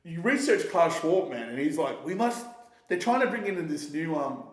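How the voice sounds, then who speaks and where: A man with a somewhat high voice holds forth in a loose, casual conversation. He rambles, swears freely and keeps restarting his sentences, getting animated as he goes. His voice has a roomy echo around it. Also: moderate pace. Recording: echoey roomy sound.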